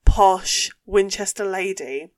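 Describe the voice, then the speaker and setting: A young woman co-hosting a podcast, telling a story in casual chat with animated delivery and frequent swearing. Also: medium pitch, takes it slowly, a little hiss or hum. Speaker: podcast co-host.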